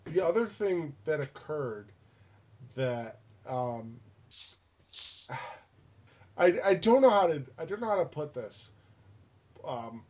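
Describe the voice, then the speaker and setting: A man's voice: fairly high pitch, a little mellow. A man hosting a casual chat, telling an anecdote with rambling restarts, fillers and swearing.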